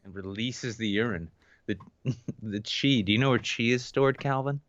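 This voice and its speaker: A man co-hosting a podcast, chatting casually with wry, dark jokes. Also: mid-range voice, moderate pace, no echo, dull audio. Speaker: podcast co-host. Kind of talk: casual comedic chat.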